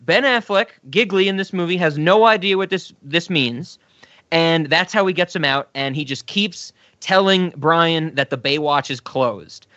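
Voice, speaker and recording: A man's voice: a little high, unhurried, pushed and bright, no echo, highs cut off. A man co-hosting a podcast in casual chat, laughing often and rambling off on tangents. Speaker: podcast co-host.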